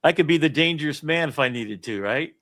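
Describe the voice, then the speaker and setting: A man's voice: on the high side, animated, a bit bright, dry recording, studio quality. A man hosting an interview show in casual chat, talking enthusiastically and jumping between thoughts over a video call. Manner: enthusiastic, rambling, rapid shifts of thought. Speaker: host.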